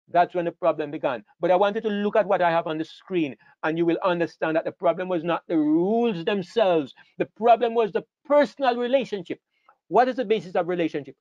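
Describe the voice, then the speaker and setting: A man's voice: a little high, darkish tone, no echo. A man preaching a sermon, emphatic and repetitive, asking questions and answering them himself. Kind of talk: sermon lecture. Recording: dull lo-fi sound, dry.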